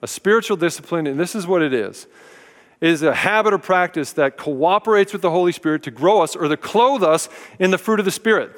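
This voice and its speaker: A man delivers a sermon in a relaxed, folksy, conversational way, joking now and then. His voice sits high for a man. The recording carries a long hall reverb, as in a church sanctuary. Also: fairly quick. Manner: conversational, folksy preaching with humor. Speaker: pastor.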